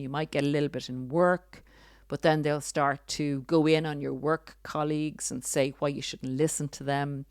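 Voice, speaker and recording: A woman with a notably low, deep speaking voice hosts a podcast, explaining her points in a deliberate, earnest way with flashes of sarcasm. The sound is dry and close, with no room echo. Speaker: podcast host. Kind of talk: earnest spoken commentary.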